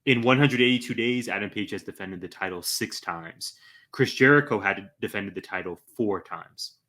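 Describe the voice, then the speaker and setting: A man hosting a casual podcast, plugging the channel and leading his co-host through questions. His voice sits low yet sounds bright and clear. He keeps a steady, easygoing host's manner. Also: normal speed. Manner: steady, asks questions, reads tweets aloud. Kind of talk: casual chat with listener plugs.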